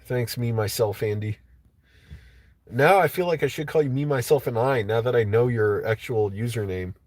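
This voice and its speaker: Swearing heavily, a male livestream host delivers a casual, agitated rant. He speaks at normal speed in a mid-range, darkish voice, and there's no room sound.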